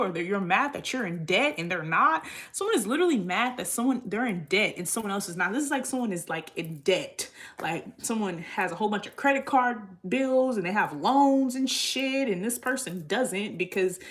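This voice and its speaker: A woman's voice: medium pitch, fairly bright tone. A woman giving a casual tarot reading in a blunt, rambling way, swearing freely. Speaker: tarot reader.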